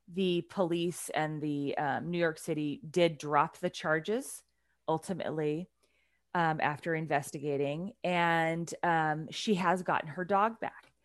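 A woman on a podcast telling a story in a casual, animated way, with her voice swinging from loud to hushed. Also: sits low, unhurried, no echo, studio quality.

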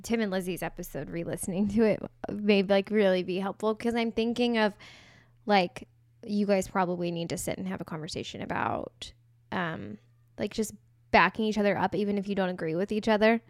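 A woman's voice: mid-range voice, steady tone, fairly quick, no echo, clean studio sound. A woman in her thirties co-hosting a podcast, giving relationship advice in a chatty, casual way full of fillers. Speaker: podcast co-host. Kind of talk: casual chat.

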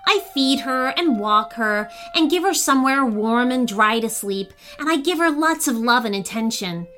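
A woman's voice: fairly high pitch, animated, moderate pace, bright, forceful tone. A woman voicing Graham, a polite, nervous man with a dog, for a storybook reading. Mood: earnest.

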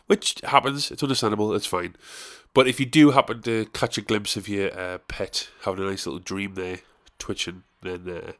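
A man's voice: fairly low pitch, steady tone, normal speed, hardly any pauses, fairly bright tone. A young man hosting his own podcast, giving a casual, rambling, self-deprecating solo introduction with jokes. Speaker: podcast host.

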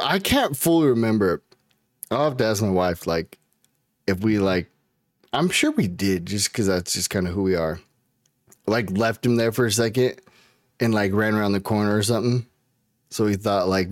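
A man's voice: fairly low pitch, animated, moderate pace, dry recording, clean studio sound. A young man co-hosting a comedy podcast in loose, profane, laughing chat. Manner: laid-back, swears a lot, laughs often. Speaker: podcast co-host.

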